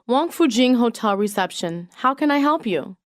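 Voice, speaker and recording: A woman reading business English sentences aloud in a measured, clearly enunciated way. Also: fairly high pitch, expressive, no room sound, studio quality. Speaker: English phrase reader. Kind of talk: slow read-aloud example sentences.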